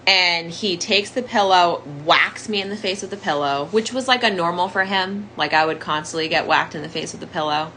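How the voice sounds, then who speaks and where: A woman's voice: on the low side, normal speed, few pauses, sharp tone, slight background noise, rough recording. A young woman candidly telling her own story as a survivor, in a conversational monologue full of "like" fillers. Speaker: domestic violence survivor sharing her story.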